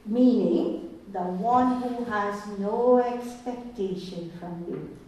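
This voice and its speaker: A woman spiritual teacher giving a calm, measured talk to a group and asking them questions, recorded in a room with an audience. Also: mid-range voice, a little hiss or hum. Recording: echoey room, distant mic.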